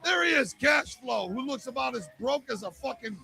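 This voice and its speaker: A man calls a wrestling match as a comic play-by-play commentator. His voice sits very high and has a gravelly rasp. He shouts and swears his way through the action over music. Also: animated, normal speed. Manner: loud, profane, shouting.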